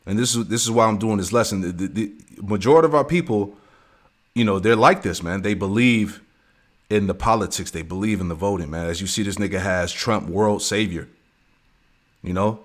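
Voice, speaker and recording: A man giving a scripture lesson, reading verses slowly and peppering his talk with "man" and "all right". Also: lowish voice. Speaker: religious teacher.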